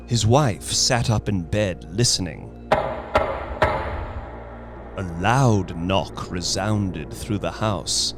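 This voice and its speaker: A man narrates a classic horror story at a slow, unhurried pace, letting the suspense build. His delivery is highly expressive, rising and falling in pitch. Soft music plays faintly behind him. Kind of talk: dramatic audiobook narration.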